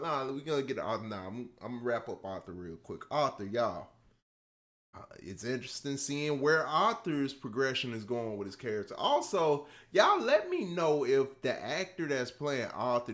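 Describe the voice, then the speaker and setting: A man hosting a casual TV reaction video, talking to his viewers, swinging from quiet musing to loud excited hype. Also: fairly low pitch. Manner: excitable, addresses viewers as y'all, drifts between hushed musing and loud hype.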